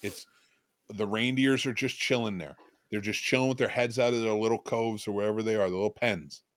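Speaking fairly quickly in a voice on the low side, this male podcast co-host spins an animated story in casual conversation, full of swearing and acted-out scenes. No echo is present.

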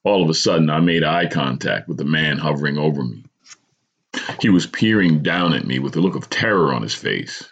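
A man's voice: rumbling low, expressive, brisk, fairly bright tone, slight background noise. A man hosting a podcast, reading a personal story aloud with dramatic storytelling and small stumbles, on a dull lo-fi recording. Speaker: podcast host.

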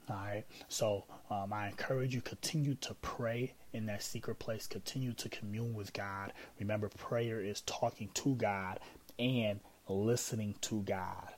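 A man's voice: fairly low pitch, low-quality recording. A man hosting a casual teaching podcast on prayer, talking conversationally with many fillers and repeated phrases.

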